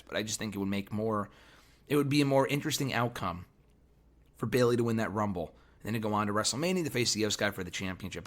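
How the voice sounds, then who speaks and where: A man hosting a solo wrestling podcast, hoarse from losing his voice, giving opinionated commentary and thinking aloud with fillers. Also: fairly low pitch, a bit bright. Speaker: podcast host.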